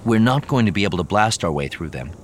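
Man doing a calm, mild young hero. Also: deep voice, fast talker, slight background noise, voice pushed up. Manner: quiet, even, reasoning.

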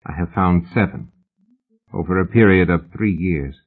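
A man voicing a wealthy old male collector, measured and formal, with a tinny, phone-like sound. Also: deep voice, slightly rough. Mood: cold.

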